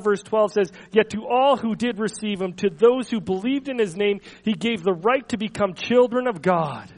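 A man with a high-pitched voice delivers a sermon. He slows down and lifts his voice when reading scripture, then trails off softly at the ends of thoughts. Between quotes he stumbles and repeats small words. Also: low-quality recording. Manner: earnest, slows and swells on scripture quotes, soft trailing endings. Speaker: pastor.

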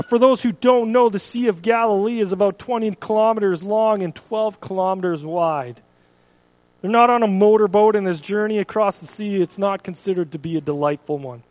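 High-voiced man preaching a sermon. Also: darkish tone, rough recording. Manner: earnest storytelling, rising to urgent emphasis.

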